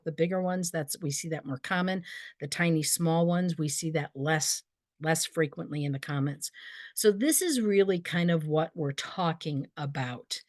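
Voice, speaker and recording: A woman's voice: deep voice, no room sound, clean studio sound. Chatty Midwestern woman leading a workshop. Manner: upbeat, chatty, reacts to comments with laughs. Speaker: workshop presenter. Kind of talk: virtual workshop presentation. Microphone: video call.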